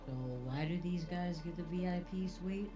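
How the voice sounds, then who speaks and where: A woman's voice: lowish voice, little pitch movement, moderate pace, over music. A woman playing a tabletop game who chats playfully and teases the others. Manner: playful, teasing. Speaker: player. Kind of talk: casual chat while playing a tabletop game.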